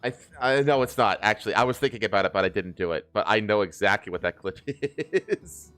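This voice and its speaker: A man's voice: lowish voice, a little fast, fairly bright tone, smooth. A man hosting a casual podcast, reacting to clips with laughs and rambling asides. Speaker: podcast host.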